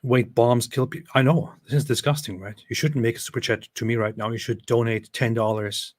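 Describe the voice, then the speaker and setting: A man live-streaming a reaction to a video, sarcastic and mocking, jumping between loud outbursts and muttered asides. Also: mid-range voice, brisk, no echo.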